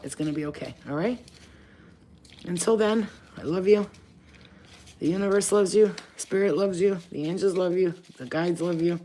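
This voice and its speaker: A woman casually chatting to her viewers at home, blunt and profane, animated and sometimes dropping to a soft whisper. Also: low-pitched, brisk, a little hiss or hum. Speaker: spiritual channel host. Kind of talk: casual straight-to-camera chat.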